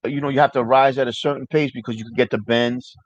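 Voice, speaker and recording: New man, loose profane stream host, mid pitch, dry muffled mic. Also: steady tone, fast, no room sound. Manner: loose, profane, rambling, answers chat. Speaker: livestream host. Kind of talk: casual livestream chat.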